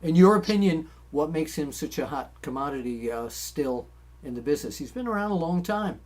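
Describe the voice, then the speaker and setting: A man's voice: fairly high pitch, expressive, fairly quick, a little mellow. A man hosting a casual chat, talking in a chatty way and stretching his sentences out with fillers. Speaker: host.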